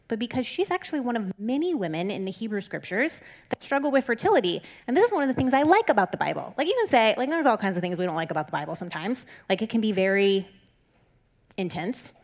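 A woman giving a casual Bible teaching in a candid, conversational way. She reassures and encourages her listeners and often says "like". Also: fairly high pitch. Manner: conversational and candid, with frequent "like" fillers.

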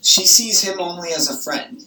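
A young woman talking on the phone with her grandmother, animated and gossipy, swearing often. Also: on the low side, normal speed. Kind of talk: casual phone chat. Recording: roomy echo, distant from the mic.

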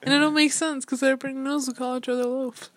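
Chatty young woman, slightly high voice. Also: little pitch movement, fast. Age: young adult. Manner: chatty, rambling with fillers. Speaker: vlogger. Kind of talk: casual chat.

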